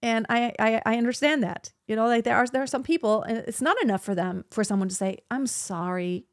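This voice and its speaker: In a studio-quality recording with no room sound, a woman with a fairly high pitch talks quickly. She hosts a podcast, reflecting on advice in a chatty manner and saying "like" constantly.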